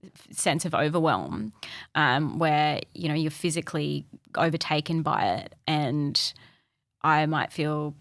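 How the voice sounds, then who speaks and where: A young Australian woman speaking candidly as a podcast guest, thoughtful and halting, often restarting her sentences. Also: low-pitched, vocal fry, dry recording, clean studio sound. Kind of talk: candid personal conversation.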